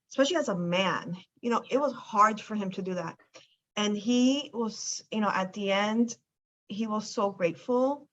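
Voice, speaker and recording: Fairly bright and mid-range, this weight loss clinic host's voice carries a client story told with emphasis and enthusiasm during a casual chat about the program. The sound is dull and lo-fi.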